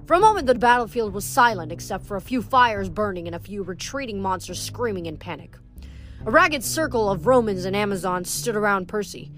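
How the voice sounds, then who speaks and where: A woman's voice: medium pitch, lively intonation, a little fast, a bit bright, soft background music. A woman reading a novel aloud, with occasional stumbles and self-corrections. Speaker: audiobook reader.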